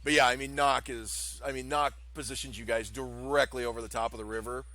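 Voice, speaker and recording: A man's voice: medium pitch, steady tone, a little fast, sharp tone. A man narrating as game master of a tabletop game, rambling with fillers and frequent laughter.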